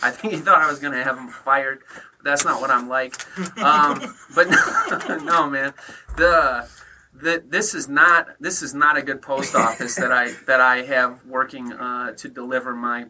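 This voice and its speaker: A man's voice: mid-range voice, unhurried, recorded from a distance, slight background noise. A man telling stories as a podcast guest, ranting and swearing as he talks in a studio. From Detroit area. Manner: profane, animated ranting storyteller. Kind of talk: casual chat, storytelling.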